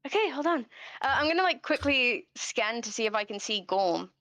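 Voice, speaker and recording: A woman playing a tabletop game, chatting casually and hesitantly, with many pauses to think. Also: fairly high pitch, animated, fairly bright tone, dry recording. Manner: hesitant, full of fillers and restarts. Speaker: player.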